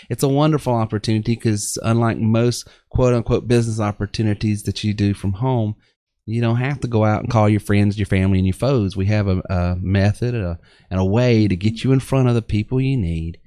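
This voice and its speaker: Low-voiced Southern man hosting a live show. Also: fairly quick, warm tone, no echo, clean studio sound. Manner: rambling, many fillers and restarts. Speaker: host of a live online business show. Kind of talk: casual live-stream chat with pitches.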